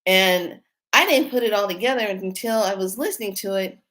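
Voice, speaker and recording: A woman hosting her own spiritual channel, telling a story in a casual, rambling way with many restarts and bursts of excitement. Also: mid-range voice, normal speed. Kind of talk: casual spiritual vlog talk.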